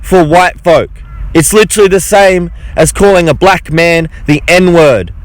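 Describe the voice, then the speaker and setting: A man's voice: on the high side, unhurried, no echo, low-quality recording. A man delivering an angry, profane monologue to his audience. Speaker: vlogger. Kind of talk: monologue to camera.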